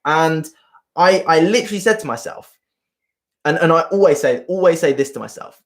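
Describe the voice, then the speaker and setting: A man's voice: fairly high pitch, animated, moderate pace. A man coaching viewers on a live stream, earnest and rambling, often repeating himself. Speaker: self-help coach.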